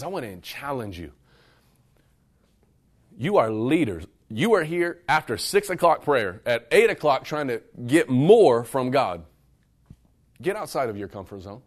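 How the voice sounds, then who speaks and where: At a medium pitch, a pastor preaches to a live congregation, speaking directly and conversationally to those in the church room. His delivery is animated, moving between emphatic loud outbursts and hushed, intimate passages.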